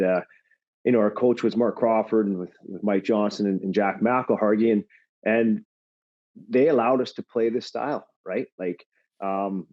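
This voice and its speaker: A middle-aged man, a former pro athlete, chatting as a podcast guest and telling an animated anecdote, laughing often and swearing now and then. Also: lowish voice. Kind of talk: casual chat, storytelling. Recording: slightly dull lo-fi audio.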